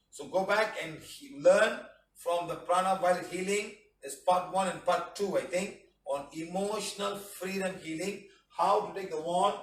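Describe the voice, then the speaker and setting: A man with giving a spiritual healing lecture, chatty, often acting out quoted voices and asking rhetorical questions. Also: sits high. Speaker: healing teacher. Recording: echoey room, mic at a distance.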